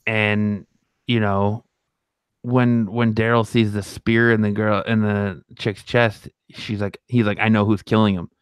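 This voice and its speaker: A man's voice: on the low side, level tone, slow, clear, resonant tone, dry recording, studio quality. A man co-hosting a fan podcast, talking casually and rambling with many restarts and fillers. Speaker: podcast co-host.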